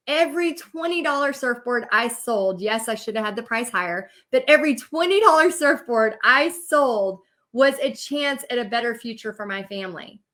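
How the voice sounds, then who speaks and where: A woman in her thirties from Texas, telling a personal story with animated emotion and quoting her own thoughts. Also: high-pitched. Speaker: host and business coach.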